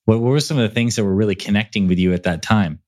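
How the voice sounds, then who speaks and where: A male podcast host with a fairly low voice. He reflects on the guest's story in a measured way before asking his questions. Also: a little mellow. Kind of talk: interview questions.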